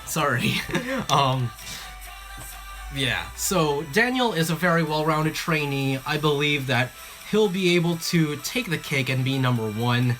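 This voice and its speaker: Excitable, chatty livestream host. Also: mid-range voice, measured pace. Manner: excitable, chatty, many fillers and restarts, giggly. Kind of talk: casual livestream commentary. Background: faint background music.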